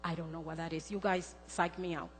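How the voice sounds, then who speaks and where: A woman's voice: lowish voice, level tone, brisk. Woman preaching in a reverberant church. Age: middle-aged. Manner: earnest, storytelling, acts out quoted dialogue. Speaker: speaker. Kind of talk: sermon with personal testimony. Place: church sanctuary. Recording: long church reverb, faint music.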